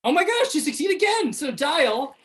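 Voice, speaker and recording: Lively laughing woman game master. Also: sits high, poor audio. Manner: laughing, animated, quick asides. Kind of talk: running a tabletop game.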